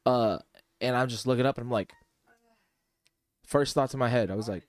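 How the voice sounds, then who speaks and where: A young man on a casual podcast, telling a long story among friends in an animated, rambling way and acting out what people said. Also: mid-range voice, normal speed, pauses often. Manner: rambling, animated, acts out quotes. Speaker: podcast co-host.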